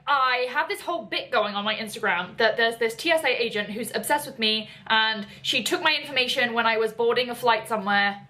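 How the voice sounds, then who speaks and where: A young woman casually telling a personal story, animated and jumping higher when she quotes people. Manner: animated, jumps up in pitch when quoting people. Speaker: podcast storyteller.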